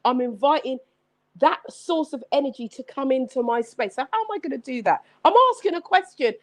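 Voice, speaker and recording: A woman hosting a live-streamed motivational talk, energetic and exclamatory, repeating her points like a preacher. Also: high-pitched, a little fast. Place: home setup with several screens.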